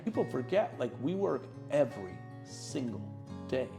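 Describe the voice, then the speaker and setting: A middle-aged man, a real estate agent on a podcast, telling lively stories and acting out the people in them. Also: medium pitch, moderate pace, vocal fry, over music. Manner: lively, acts out quotes in his stories. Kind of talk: animated storytelling in an interview.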